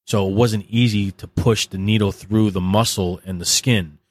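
Deep-voiced blunt man telling candid stories. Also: fairly even intonation, normal speed, no echo, clean studio sound. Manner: blunt, heavily profane, vivid storytelling. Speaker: podcast guest. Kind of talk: candid interview storytelling.

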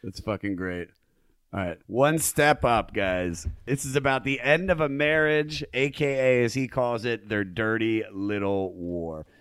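A man's voice: lowish voice, a little slow, a bit bright, clear, resonant tone, dry recording. A man hosting a podcast, laughing along with his guest and then talking about a song. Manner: laughs along, swears casually. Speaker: podcast host. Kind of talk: casual chat and music commentary.

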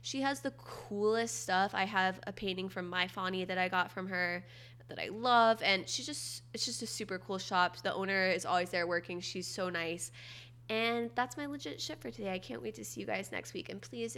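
A young woman hosts her podcast alone, talking in a loose, chatty way and tossing in wry little jokes. Her voice is nasal and noticeably bright, with an edge that cuts through. She stays at an ordinary middle pitch for a woman. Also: a little fast. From Florida. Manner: chatty, wry, upbeat asides. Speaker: podcast host. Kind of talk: casual solo podcast chat.

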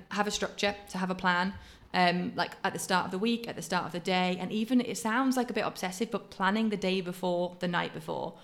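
A woman, a fitness coach giving quick practical advice in casual podcast chat. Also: fairly low pitch, vocal fry, fairly bright tone. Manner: fast, practical advice with many fillers.

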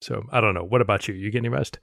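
A man co-hosting a political podcast, speaking in a measured way with dry sarcasm. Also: on the low side, fairly even intonation, creaky, a bit bright, dry recording. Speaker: podcast co-host. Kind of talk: casual political podcast chat.

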